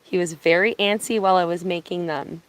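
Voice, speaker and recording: Soft-spoken, chatty woman live-streaming outdoors. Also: lowish voice, steady tone, fairly quick, clear, resonant tone, rough recording. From Ontario, Canada. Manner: soft-spoken and chatty, answering viewers' comments and laughing easily. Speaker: live-streaming bird watcher. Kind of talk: casual live-stream chat. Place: outdoors at a cottage. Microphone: phone on binoculars, held by hand.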